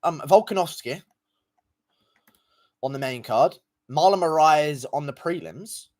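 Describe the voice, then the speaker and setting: A man's voice: a little high, animated, a little slow, darkish tone. A young man livestreaming, reading out donations in crude, profane, mocking banter. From England. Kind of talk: casual live-stream chat.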